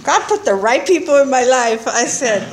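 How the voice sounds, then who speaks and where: A woman with a high-pitched voice gives personal testimony at a recovery meeting, speaking at a moderate pace over crowd noise. She tells her story bluntly and earthily, animated and laughing often.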